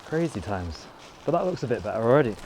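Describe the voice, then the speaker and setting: A man's voice: medium pitch, sing-song, fast talker, background noise. Chatty man vlogging in his garden. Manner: chatty and rambling, many "you know" asides. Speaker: fitness vlogger. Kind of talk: casual vlog talk to camera. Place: outdoors in a garden.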